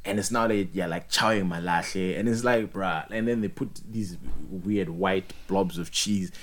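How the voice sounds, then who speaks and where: A young man, chatting casually, animated and joking, full of slang and repeated words. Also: low-pitched, moderate pace. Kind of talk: casual chat.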